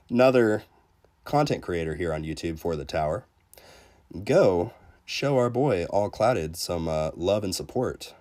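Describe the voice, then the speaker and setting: A man's voice: on the low side, a little mellow. A man hosting a casual game livestream, reading viewer comments aloud in a laid-back, joking way with frequent restarts. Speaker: gaming livestreamer.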